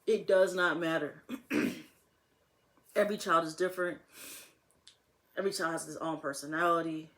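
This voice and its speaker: A woman's voice: deep voice, fairly even intonation, measured pace, long pauses, fairly bright tone. A young woman talking casually to camera as a vlogger, rambling and laughing often.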